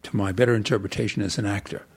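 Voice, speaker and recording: An older man, an actor, telling rambling, animated stories in an interview. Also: fairly low pitch, very fast, vocal fry, breathy edge. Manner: animated, digressive storyteller. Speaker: actor guest. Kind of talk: rambling anecdotal interview talk.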